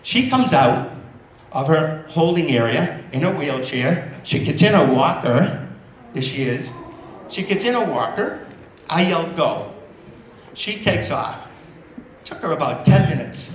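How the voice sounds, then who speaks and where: A man's voice: a little high, animated, unhurried, pauses often, slight background noise. A man in his sixties giving a motivational speech at a school assembly, telling stories and repeating key phrases for emphasis. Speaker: guest speaker at a school assembly. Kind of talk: motivational storytelling. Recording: roomy hall sound with faint ambience.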